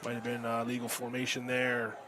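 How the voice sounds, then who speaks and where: A man calling a high school football game play by play, getting louder and higher on big plays. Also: completely flat delivery, fairly quick, background noise. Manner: rises sharply in pitch and volume on big plays. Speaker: play-by-play announcer. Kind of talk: live sports commentary. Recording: crowd and music behind. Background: crowd and music.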